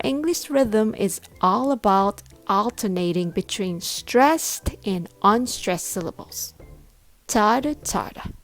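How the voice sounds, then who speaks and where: A woman pronunciation coach giving a scripted lesson, sounding out each syllable carefully. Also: medium pitch. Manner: slow, deliberate, sounding out syllables.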